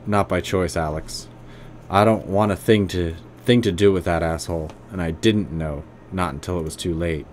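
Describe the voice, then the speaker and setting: A man's voice: low voice, fairly even intonation, normal speed, a little mellow, a little hiss or hum, natural voice. A man voicing a weary, blunt middle-aged uncle, speaking earnestly. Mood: pleading.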